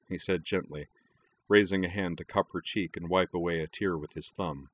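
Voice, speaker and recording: Deep-voiced male storyteller. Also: fairly even intonation, moderate pace, slight background noise. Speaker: narrator. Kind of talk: scripted story narration.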